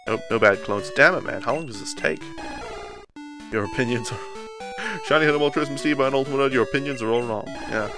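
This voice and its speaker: A man's voice: mid-range voice, fairly quick. A man doing playful live commentary while streaming a video game and joking with his chat. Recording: faint game music behind.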